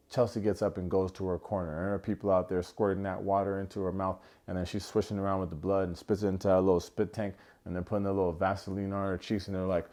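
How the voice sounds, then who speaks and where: A man's voice: low-pitched, little pitch movement, quick pace, few pauses, dark tone. A young man giving a casual, joking recap of a reality show, acting out quotes in funny voices. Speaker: recap vlogger.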